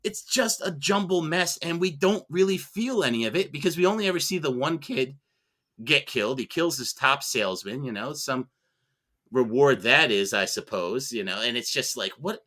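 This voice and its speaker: A man's voice: medium pitch, lively intonation, normal speed, pushed and bright. A man arguing as a mock prosecutor on a movie podcast, sarcastic and full of rhetorical questions. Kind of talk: comedic mock-trial argument.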